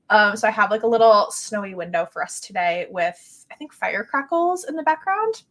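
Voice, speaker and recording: A young woman hosting a live reading stream, chatting casually in a bubbly, gushing way and reading viewer comments aloud. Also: mid-range voice. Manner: bubbly and gushing, many "like"s and "oh my gosh"s, laughs often. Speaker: booktube live stream host.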